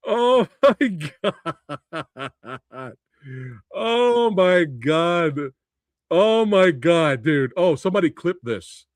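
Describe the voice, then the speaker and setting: Animated laughing livestream host, a man. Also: high voice, very slow, no echo. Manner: animated, laughing, swears freely. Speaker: movie review livestream host. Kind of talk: casual livestream chat.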